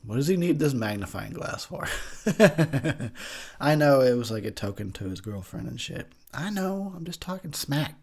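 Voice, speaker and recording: Laughing, lively crude movie-commentary guy. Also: mid-range voice, moderate pace, gravelly, slightly rough. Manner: crude joking, laughs often, animated. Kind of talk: casual drunk movie commentary.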